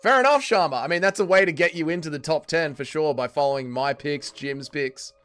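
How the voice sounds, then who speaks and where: A man's voice: a little high, fairly quick, fairly bright tone, smooth, faint music behind. Profane man hosting a livestream. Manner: profane, exasperated, banters with chat. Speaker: livestream host reading chat. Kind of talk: casual livestream chat.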